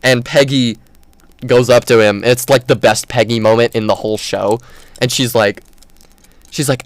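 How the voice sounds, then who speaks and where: Chatty man with a smooth voice. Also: mid-range voice, fairly even intonation, normal speed, pauses often, dry recording. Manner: enthusiastic, rambling with many fillers. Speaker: podcast host. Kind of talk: casual chat.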